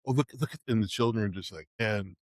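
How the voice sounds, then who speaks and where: A middle-aged man from the Bay Area who plays Santa, telling stories in a casual fireside chat, halting and emotional, with many restarts. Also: lowish voice, a little mellow, dry recording. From Bay Area, California. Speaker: Santa performer, host.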